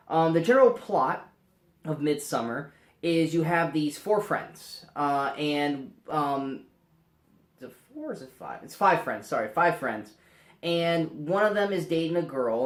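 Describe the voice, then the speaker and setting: Guy reviewing a movie on his channel, bit high voice, lots of ums, echoey room. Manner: loose and rambling, many ums and uhs, corrects himself mid-sentence. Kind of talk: casual spoken film review.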